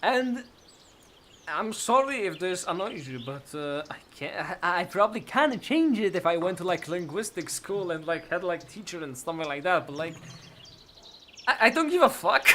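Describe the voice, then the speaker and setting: A man's voice: high-pitched, animated, moderate pace, a bit bright, slight background noise. A man with a noticeable foreign accent and a hard R, rambling and self-mocking as he plays a game and reads its text aloud. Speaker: gamer. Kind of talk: casual let's-play chat and reading game text aloud.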